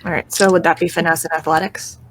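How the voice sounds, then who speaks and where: Woman player, lowish voice, faint hiss, eager planner. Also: flat delivery, fast talker. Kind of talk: tabletop game play.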